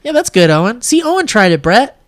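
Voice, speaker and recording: A man hosting a casual live-streamed podcast, jokey and playful with quick asides. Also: extremely high pitch, big pitch swings. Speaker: podcast host.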